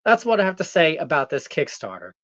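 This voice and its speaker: A loud-mouthed heel wrestler, played by a man, boasts and taunts without pause. His pitch leaps up and down with every brag. The sound is dry and a little dull, like a lo-fi recording. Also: wildly swooping pitch, no echo. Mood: cocky. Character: brash arrogant male heel wrestler persona. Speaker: guest. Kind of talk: in-character comedic rant.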